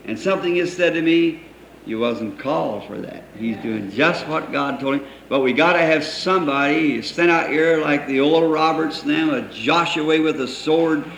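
A man's voice: on the high side, normal speed, gravelly, few pauses, fairly bright tone. A man preaching a sermon, telling homely stories and chuckling as he quotes people. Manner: folksy storytelling, quoting others, chuckling. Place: church. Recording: echoey old church recording with faint hiss.

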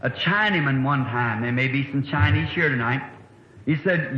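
A man's voice: medium pitch, normal speed. A middle-aged man, preaching a sermon in a folksy, rambling, anecdotal way. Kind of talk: sermon storytelling. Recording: echoey, dull old sermon recording with faint hiss.

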